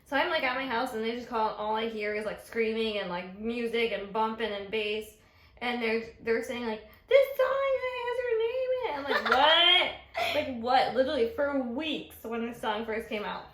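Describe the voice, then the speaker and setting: A woman co-hosting a casual chat, telling lively stories and acting out the lines of others. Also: fairly high pitch, normal speed. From United States. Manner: animated storyteller, acts out quotes. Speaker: podcast co-host. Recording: echoey room.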